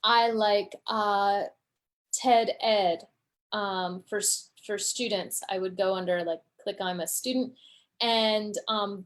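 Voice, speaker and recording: A woman teacher answering questions in a casual live Q&A, explaining at an unhurried pace with many fillers and restarts. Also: medium pitch. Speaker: TOEFL teacher.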